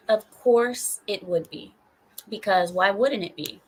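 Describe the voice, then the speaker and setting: Hoarse woman live-streamer scolding playfully. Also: mid-range voice, slow, darkish tone. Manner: mock-stern, teasing scolding of viewers. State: hoarse from screaming. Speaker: livestream host. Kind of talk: casual live-stream chat.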